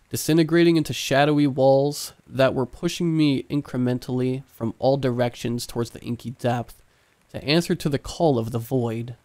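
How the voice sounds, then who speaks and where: A man narrating a scripted horror story in a hushed, suspenseful way. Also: mid-range voice.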